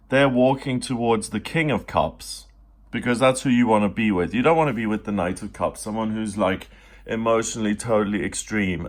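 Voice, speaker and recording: A man giving a daily tarot reading in a chatty, animated way, now and then putting on little voices for the figures in the cards. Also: mid-range voice. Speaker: tarot reader. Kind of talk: casual spoken tarot reading.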